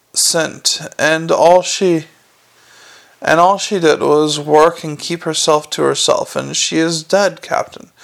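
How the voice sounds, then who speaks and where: A man voicing a gruff, weary police commander with a growling, clipped and forceful way of talking. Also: a little high.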